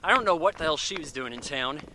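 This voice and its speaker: Recorded outdoors near traffic, a man gives a casual, rambling movie review packed with fillers and quick acted-out asides. His voice is a little high and animated.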